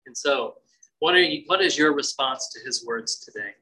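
A man's voice: medium pitch, expressive, moderate pace, sharp tone, rough recording. A man preaching a sermon, reading scripture and acting out its voices with conversational asides. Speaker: pastor.

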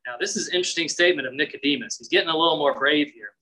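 A man's voice: a little high, rapid-fire, pushed and bright, poor audio. A man preaching a sermon, reading scripture and acting out its voices with conversational asides. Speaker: pastor.

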